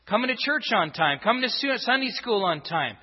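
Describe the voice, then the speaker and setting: High-voiced and husky, this pastor talks fairly quickly with big swings in pitch as he preaches to his congregation, repeatedly firing rhetorical questions to make his points. The setting is a church sanctuary, recorded with a dull, reverberant sound.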